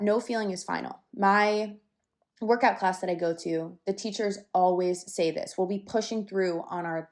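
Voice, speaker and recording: A young woman hosting a solo podcast, talking casually and candidly, with fillers and the odd swear word, a little out of breath. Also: on the low side. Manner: chatty and candid, with some swearing and lots of fillers. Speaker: podcast host.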